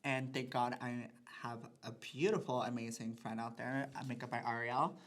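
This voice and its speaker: A woman from Texas hosting a makeup video, chatting casually and telling stories in a lively, profane, campy way. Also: extremely low pitch, moderate pace. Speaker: beauty vlogger host. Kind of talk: casual chat while doing makeup.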